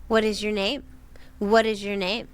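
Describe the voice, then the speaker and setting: A woman's voice: mid-range voice, flat delivery, normal speed, clear, resonant tone, close to an everyday voice. Woman doing an eerie mimicking creature. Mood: insistent. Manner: repetitive, insistent questioning. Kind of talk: storytelling reading aloud.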